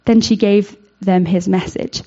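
A woman's voice: mid-range voice, steady tone, measured pace, dark tone. A woman giving an informal devotional talk, earnest and searching, with many fillers and restarts. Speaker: speaker giving a Bible reflection. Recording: dull lo-fi recording.

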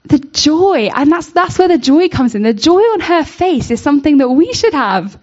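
A woman with a fairly high voice talks through a Bible passage in an informal, searching way. She restarts often and leans on fillers as she thinks aloud. The recording sounds dull and lo-fi. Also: sing-song, moderate pace, few pauses, a little mellow. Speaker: speaker giving a Bible reflection. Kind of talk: informal devotional talk.

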